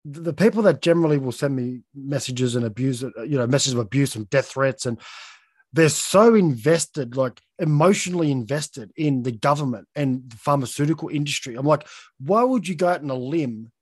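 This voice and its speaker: A man's voice: medium pitch, brisk, husky, no echo, clean studio sound. A man hosting a casual podcast chat, blunt and heated, swearing as he talks.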